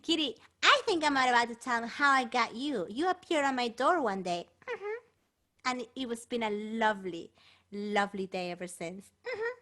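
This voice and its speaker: A woman's voice: on the high side, normal speed. A woman performer hosting a bilingual children's show, talking playfully to a puppet cat and the young audience. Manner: animated, playful, talks to a puppet. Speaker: children's entertainer.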